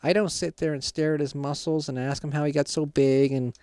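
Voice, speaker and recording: A man's voice: on the high side, level tone, a little fast, a little mellow, smooth, dry recording, clean studio sound, natural voice. A man voicing a bossy teenage son who lectures his father in a Minecraft role-play. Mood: teasing. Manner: lecturing, preachy.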